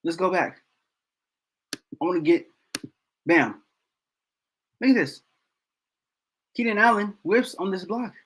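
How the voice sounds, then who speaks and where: A man walks through football game film in casual commentary, repeating points over and over in exasperation. His voice is husky and sits a bit high for a man. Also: expressive, slow pace, long pauses, fairly bright tone, low-quality recording. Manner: exasperated, repeats himself for emphasis. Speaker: host of a football film breakdown channel.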